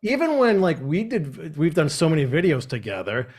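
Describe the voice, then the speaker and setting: A man's voice: a little high, huge pitch swings, moderate pace, a little mellow, slightly rough. A man hosting a live stream, chatting casually and rambling with lots of fillers. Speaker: host of a live channel.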